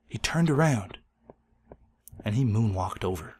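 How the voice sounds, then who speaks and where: A man hosting a gaming video, telling an absurd made-up story in a deadpan, mock-solemn way that breaks into laughter. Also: on the low side, normal speed, long pauses, a little hiss or hum. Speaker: Let's Play host. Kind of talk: absurd tall-tale storytelling while gaming.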